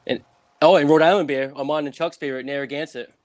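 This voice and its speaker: A man's voice: fairly high pitch, steady tone, fast talker. A man with a New England accent, a guest author in a casual video-call interview, rambling with many fillers and chuckles.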